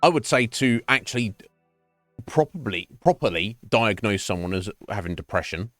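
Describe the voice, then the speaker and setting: A man's voice: on the low side, lively intonation, moderate pace, fairly bright tone, no echo, studio quality, faint music behind. A man livestreaming a game from home, ranting in casual chat, swearing freely, repeating words and laughing often. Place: home streaming setup.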